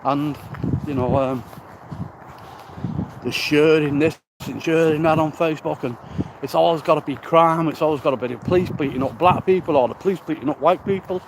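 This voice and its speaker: A man's voice: on the high side, normal speed. A man, walking outdoors and talking into a handheld phone, out of breath, rambling and blunt with casual swearing. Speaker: recovery vlogger. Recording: outdoor noise, wind and birds.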